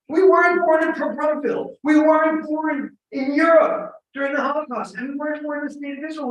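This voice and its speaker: A middle-aged man, a professor giving a humorous storytelling talk, animated and joking with bursts of emphatic shouting. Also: extremely high pitch. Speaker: guest lecturer, professor. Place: large echoing temple hall. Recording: echoey hall from far off.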